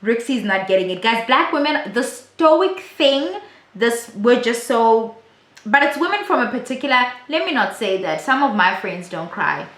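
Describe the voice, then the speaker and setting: A woman's voice: on the high side, animated, moderate pace, fairly bright tone. A woman giving a chatty, blunt and profane casual recap of a reality show. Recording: roomy echo.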